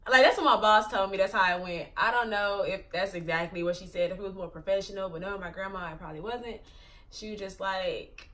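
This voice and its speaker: A young woman in her twenties vlogging a personal story in a loose, meandering way, leaning on filler words. Her voice sits at an ordinary middle pitch. She sounds a little distant from the microphone. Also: normal speed, bright, forceful tone. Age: 20s. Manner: rambling, filler-heavy retelling with many "like"s. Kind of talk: casual storytelling.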